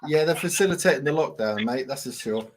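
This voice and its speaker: A man's voice: mid-range voice, lively intonation, fast, slight background noise. A man co-hosting a casual chat, blunt and swearing.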